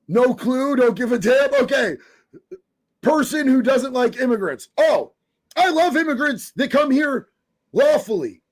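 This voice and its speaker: High-voiced fiery male livestreamer. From Oregon. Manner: fiery, profane, emphatic. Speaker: livestreamer reading viewer comments. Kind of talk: impassioned live-stream commentary.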